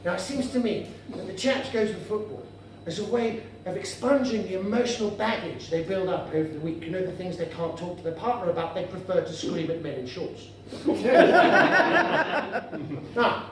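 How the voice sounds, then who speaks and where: A man's voice: sits high, animated, moderate pace, recorded from a distance. A man doing stand-up comedy in a pompous, mock-formal, dandyish manner, in a comedy venue before a live audience. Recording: echoey room heard from afar, noisy.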